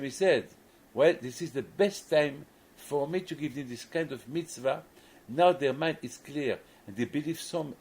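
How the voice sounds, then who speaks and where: A man's voice: mid-range voice, a little mellow, slightly rough, rough recording. A man, a rabbi, gives a sermon and tells a story, often restarting and repeating words, in non-native English phrasing.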